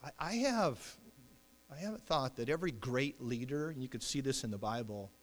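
A man's voice: mid-range voice, lively intonation, normal speed, long reverb tail. A man preaching a sermon as pastor, talking in a loose conversational way with many fillers and restarts.

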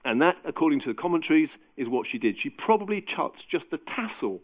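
A man preaching a sermon in an animated, conversational and emphatic way. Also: fairly high pitch, a little fast.

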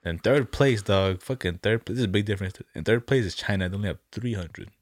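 A man's voice: lowish voice, fast talker, no room sound, studio quality. A young man chatting casually on a podcast, slangy and laid-back, swearing freely. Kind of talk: casual chat.

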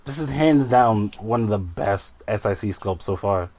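A man in a casual group chat about collectible figures, enthusiastic and quick to laugh. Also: on the low side, animated, a crowd in the background.

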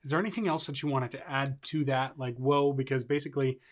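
Male co-host, casual discussion, relaxed, hesitant phrasing. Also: medium pitch, fast.

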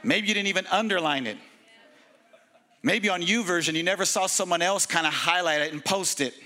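A male pastor preaching an energetic, casual sermon with slang and humor at a church service. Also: high-pitched, brisk.

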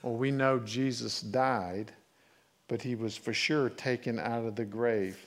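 The pastor keeps a medium pitch, a steady tone, and a measured pace as he preaches. His sermon is conversational, full of questions for the congregation, and veers between loud and hushed.

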